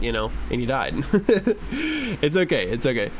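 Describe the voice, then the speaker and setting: A man's voice: medium pitch, moderate pace, a little hiss or hum. A man reviewing gameplay footage live, coaching a player in a casual, encouraging way and repeating his instructions. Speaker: streamer coach.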